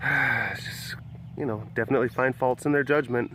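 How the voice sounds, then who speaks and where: A man's voice: mid-range voice, fairly even intonation, moderate pace, background noise. A man filming outdoors at a big cat sanctuary. He talks in a playful, teasing way and drops into baby talk with the cats. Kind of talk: casual vlog talking to the camera and to tigers.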